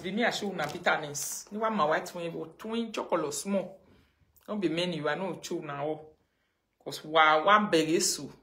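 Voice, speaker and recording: A woman with a Nigerian accent chatting casually with fans on a live phone video, telling stories in lively pidgin and laughing often. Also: fairly low pitch. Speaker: social media live streamer.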